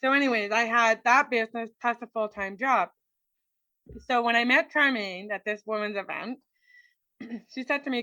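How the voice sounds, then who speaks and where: A woman from Canada, a guest in an interview, telling her personal story in a lively way and acting out what people said. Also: a little high, moderate pace, long pauses, no echo. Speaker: interview guest, motivational speaker.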